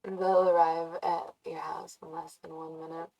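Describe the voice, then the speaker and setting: A woman live streaming from a dark room, chatting casually, musing and often laughing or humming to herself. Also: deep voice, level tone, slow, gravelly. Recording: voice from far off the mic.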